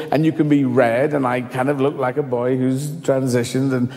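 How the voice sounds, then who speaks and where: A middle-aged man telling personal stories in an animated way, swearing freely and acting out voices. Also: medium pitch, normal speed, soft background music. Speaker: guest. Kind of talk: storytelling in conversation. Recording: echoey hall reverb.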